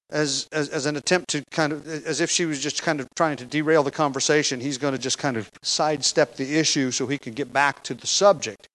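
A man with a slightly raised pitch delivers an expository sermon. He explains the passage line by line, stressing key words emphatically and stumbling now and then with fillers and restarts. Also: rough recording. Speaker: preacher.

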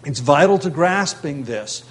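A male pastor teaches through a scripture passage in a steady, explanatory sermon. His voice sits a bit higher than most men's, and he lifts it to stress key points while filling pauses with small hesitations. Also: rough recording. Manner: measured teaching with emphatic rises and frequent fillers. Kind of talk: expository sermon.

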